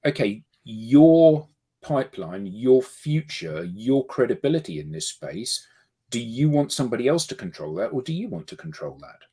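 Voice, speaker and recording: A man's voice: medium pitch, very animated, normal speed, dark tone, husky. A man on a casual panel discussion, emphatic and rhetorical, arguing his point through questions.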